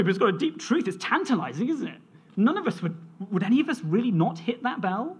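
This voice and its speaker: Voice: mid-range voice, sing-song, rapid-fire, breathy edge. A preacher delivering a sermon in an earnest, storytelling manner, reading scripture and sharing a family anecdote.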